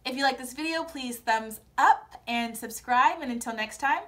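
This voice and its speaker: A woman vlogger talks through a reality-show recap in a high voice. She has a casual, gossipy style and narrates in an animated way. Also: normal speed.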